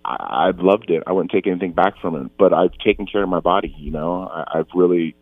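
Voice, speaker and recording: A man's voice: sits low, a little fast, no echo, narrow, tinny audio. A man in his forties talking earnestly as an interview guest, often restarting and repeating himself. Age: 40s. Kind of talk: casual interview talk.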